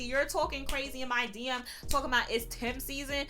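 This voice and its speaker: A woman, telling a sassy, animated storytime vlog. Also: sits high. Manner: sassy, animated, quick-witted. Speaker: YouTuber. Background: background music.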